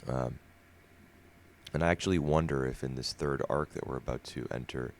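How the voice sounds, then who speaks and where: A man co-hosting a podcast in a relaxed, talkative way, explaining his views at length. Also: extremely low pitch, moderate pace, slight background noise. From United States. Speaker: podcast co-host. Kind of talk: casual discussion.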